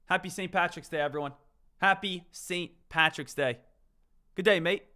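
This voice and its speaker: A man putting on an exaggerated mock Irish voice, playing a hammy, excited character in an over-the-top, singsong way. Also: high voice, normal speed.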